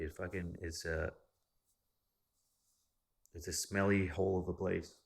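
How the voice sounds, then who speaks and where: A man's voice: low-pitched, a little slow, creaky, pauses often. A young man casually telling a long story, swearing often and acting out what others said. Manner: profane, animated retelling of a story.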